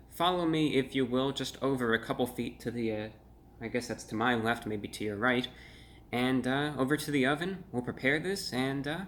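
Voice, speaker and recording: Male food reviewer, casual and rambling, self-mocking asides, mid pitch, faint background noise in a home kitchen. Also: a bit bright. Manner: rambling, self-deprecating, with restarts and playful asides.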